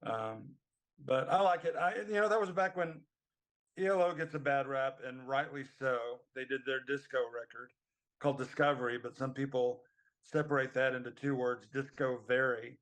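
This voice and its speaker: A man's voice: mid-range voice, moderate pace, a bit bright. A middle-aged man co-hosting a casual music podcast, talking in a rambling, hesitant way with many ums. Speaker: podcast co-host. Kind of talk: casual chat.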